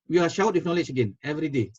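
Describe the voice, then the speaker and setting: A man's voice: on the high side, lively intonation, very fast, a little mellow, breathy edge. A man with a Malaysian accent teaching a Quranic Arabic class over a video call, switching between Malay and English, repeating words and quizzing his students. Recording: dull lo-fi video call audio.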